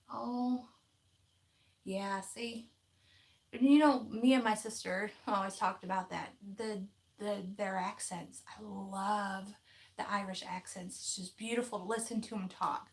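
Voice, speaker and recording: A woman's voice: medium pitch, steady tone, unhurried, gravelly, long pauses. Chatty woman on a live stream. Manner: chatty and folksy, laughs often. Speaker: craft vlogger hosting a live chat. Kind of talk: casual live-stream chat, reading viewer comments.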